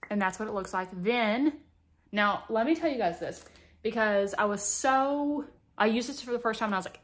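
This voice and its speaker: Speaking a little fast in a fairly high voice, this young beauty vlogger talks close to the camera at home. Her makeup chat is casual, dramatic and playfully over the top.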